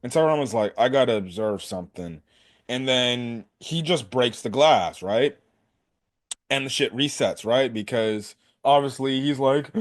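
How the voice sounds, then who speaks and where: A man talks through an anime episode in a loose, rambling recap. His voice sits at an ordinary middle pitch, and he swears freely and keeps tossing in "right?" A little music plays faintly under him. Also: lively intonation, normal speed. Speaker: anime reviewer.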